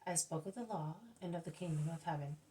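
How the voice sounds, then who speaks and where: A woman voicing a calm, patient male master. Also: low-pitched, a little hiss or hum, close to an everyday voice, rough recording. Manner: measured, patient explaining.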